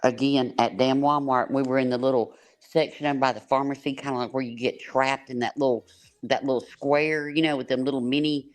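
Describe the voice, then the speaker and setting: A woman's voice: extremely low pitch, fairly even intonation, a little fast. A woman, hosting a livestream panel and telling blunt, laughing stories. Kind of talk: casual storytelling on a panel.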